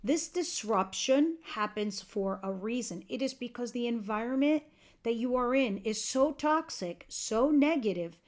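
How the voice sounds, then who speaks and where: Talking straight to her viewers, this tarot reader is chatty and earnest but a little tired, yawning now and then. Her voice sits a little high, sounds animated, and moves a little slowly.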